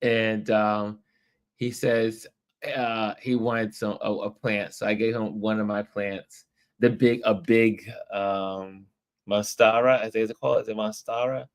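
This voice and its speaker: A man hosting a casual late-night livestream, chatting in a rambling, easygoing way and breaking into animated voices when he quotes people. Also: fairly low pitch, slow pace, clear, resonant tone. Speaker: livestream host.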